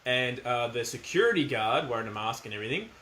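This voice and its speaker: Australian man, middle-aged, casual monologue, firm, emphatic, mid-pitched voice, roomy echo. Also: big pitch swings, fast talker, pushed and bright, a little hiss or hum. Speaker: commentator. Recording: echoey room.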